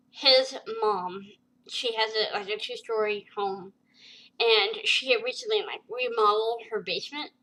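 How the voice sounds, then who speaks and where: A woman with a bright, fairly high voice tells a personal story straight to camera. She speaks haltingly, full of fillers and restarts, and her emotion shows through. It is a vlog in her own voice. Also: low-quality recording. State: tearful at times. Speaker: vlogger.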